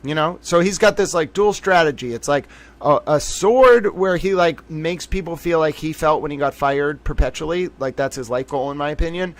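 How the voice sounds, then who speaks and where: A man doing casual livestream commentary on court cases, rambling and animated, swearing freely with sudden bursts of excitement. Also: on the high side, moderate pace.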